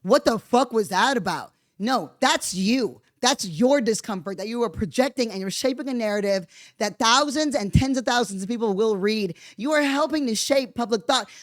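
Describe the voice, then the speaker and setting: A woman's voice: no room sound, clean studio sound. Profane, sarcastic woman podcast host. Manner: profane, sarcastic, rises to mocking high-pitched outbursts. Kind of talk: heated political commentary monologue.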